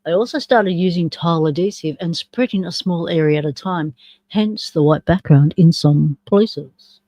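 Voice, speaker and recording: Chatty woman with a mellow voice. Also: lowish voice, normal speed, no room sound, rough recording. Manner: chatty, talks to herself while running the stream software; reads along with and comments on a video. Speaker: live stream host. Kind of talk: casual live-stream chat.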